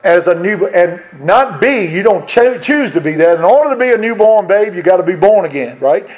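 A man's voice: high voice, expressive, moderate pace, darkish tone. A man preaching a sermon as pastor, asking his congregation rhetorical questions. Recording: dull lo-fi sound.

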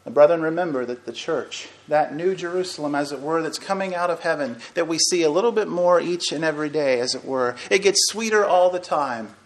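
A man preaching a sermon, reading scripture in old-fashioned wording, swelling loud and then dropping almost to a hush. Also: fairly high pitch, brisk, few pauses.

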